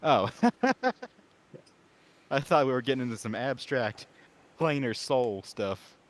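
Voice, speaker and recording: A man's voice: mid-range voice, moderate pace. A man playing a tabletop game, curious and chatty. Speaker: player.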